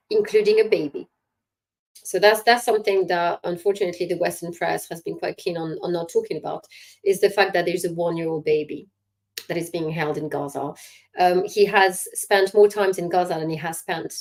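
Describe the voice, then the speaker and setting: Sarcastic, emphatic woman guest. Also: lowish voice. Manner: hesitant with many fillers. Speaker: guest commentator. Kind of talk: interview answer.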